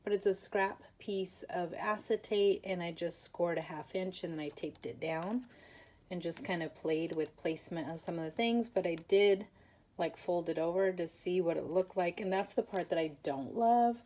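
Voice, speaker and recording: A woman's voice: fairly low pitch, normal speed, dark tone, a little hiss or hum. A woman hosting a casual papercraft tutorial, chatty and self-deprecating, with lots of fillers, and tired and yawning. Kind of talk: casual craft tutorial chat.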